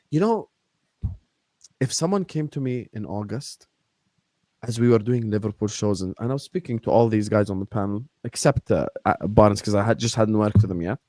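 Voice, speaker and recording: A man hosting a live football talk stream, animated and laughing as he shouts out viewers by name. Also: medium pitch, no room sound. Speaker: host.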